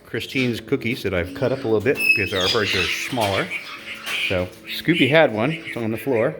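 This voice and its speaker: A woman who keeps a bird sanctuary chats casually in a vlog from an indoor bird room with cages, her intonation lively and pace normal. She coos and baby-talks to her pet birds, jumping to a high pitch, while loud music and loud squawking birds sound behind her.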